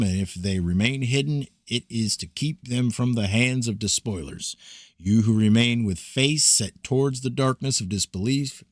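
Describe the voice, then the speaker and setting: Deep-voiced man reading scripture solemnly. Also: lively intonation, normal speed, no room sound, clean studio sound.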